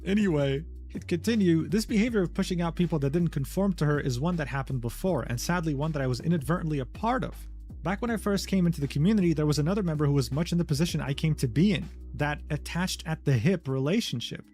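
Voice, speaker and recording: A man rattles through a drama recap at a quick clip, reading quoted messages aloud and adding sardonic asides. His voice sits a little high, and faint music plays underneath. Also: a little mellow. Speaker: commentary narrator.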